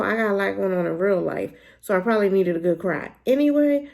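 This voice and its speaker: A woman giving a casual, animated spoken review of a drama, talking in a colloquial, emphatic way. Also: fairly quick, vocal fry. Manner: animated, emphatic, colloquial with pitch jumps when worked up.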